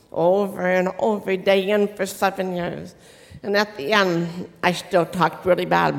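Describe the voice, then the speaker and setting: A deaf woman delivers a motivational faith talk to an audience. Her speech carries the distinctive, accent-like sound of someone who learned to speak without hearing. She shapes each word slowly and carefully, and her voice trails off into the long reverb of a large hall. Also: medium pitch, vocal fry. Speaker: inspirational speaker.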